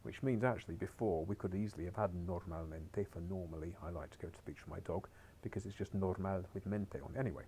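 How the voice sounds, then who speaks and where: A man's voice: deep voice, fast, warm tone, slight background noise. A man teaching a beginners' Spanish lesson on a recorded screen share, chatty and encouraging with wry asides.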